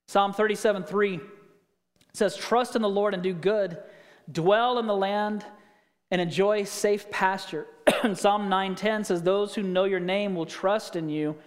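A male pastor delivers a sermon in a high, light voice, weaving stories together with rhetorical questions to the congregation. His voice rings out with the long reverb of a large hall. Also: measured pace.

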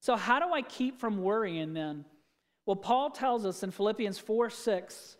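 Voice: medium pitch, expressive, measured pace, long reverb tail. A pastor preaching a sermon in a conversational way, asking the congregation questions and telling stories.

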